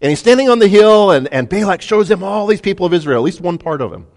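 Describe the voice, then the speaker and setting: Animated male preacher in an echoey hall. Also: high voice, fast. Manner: storytelling, animated, acts out quotes. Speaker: pastor. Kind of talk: sermon.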